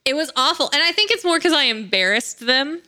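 A woman tells a story on a podcast in casual chat. Her voice is a bit high and very bright, and her telling is candid and chatty. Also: animated, fairly quick. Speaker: podcast co-host.

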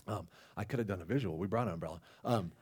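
A man with a somewhat low voice delivers a loose, conversational sermon. He wanders into asides and restarts his sentences as he talks to the congregation. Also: quick pace, a little mellow, breathy edge. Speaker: lay preacher. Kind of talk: casual sermon.

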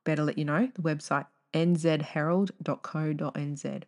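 Young woman, podcast host, lowish voice, chatty and tangential, prone to loud outbursts. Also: fairly even intonation, normal speed. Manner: rambling, goes off on tangents; loud bursts of laughing exclamation. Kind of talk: casual solo podcast monologue.

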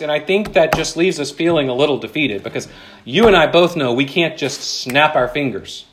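A married man preaching a sermon, earnest and conversational, dropping to a hushed voice on key points. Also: mid-range voice. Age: adult, married with children. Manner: earnest, drops to a hushed voice for emphasis; conversational asides with self-deprecating humor. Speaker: pastor.

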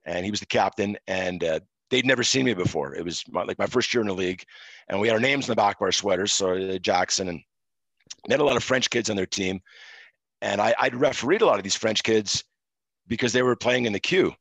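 A middle-aged man from Quebec, a former referee, telling stories in a relaxed interview with many fillers. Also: fairly low pitch, a little fast, gravelly, slightly rough, no echo, low-quality recording. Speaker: podcast guest, former hockey referee. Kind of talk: casual interview storytelling.

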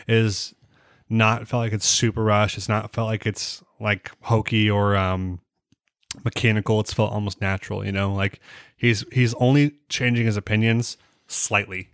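A man's voice: fairly low pitch, flat delivery, normal speed, a bit bright, smooth, no room sound, studio quality. A man co-hosting an anime podcast, talking casually and rambling with lots of fillers and restarts. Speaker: podcast co-host. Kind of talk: casual anime review chat.

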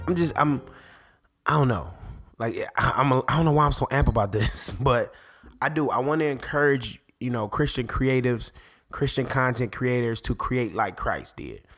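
A man, a parent, hosting a faith podcast in an excitable, rambling monologue that keeps interrupting itself. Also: mid-range voice, normal speed, soft background music. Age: adult parent. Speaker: podcast host.

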